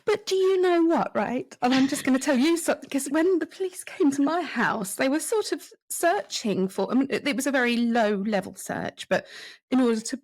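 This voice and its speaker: A woman hosts a podcast in casual chat, telling her side of things with expressive, animated energy. Her voice is high and swings widely in pitch. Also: normal speed. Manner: expressive, animated storytelling with laughter. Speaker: podcast host.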